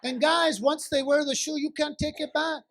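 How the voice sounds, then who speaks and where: A man's voice: very high-pitched, normal speed. A man performing a stand-up comedy set on stage, telling stories and acting out a back-and-forth with his wife. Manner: animated storytelling, acts out wife and himself. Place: comedy stage at a benefit show.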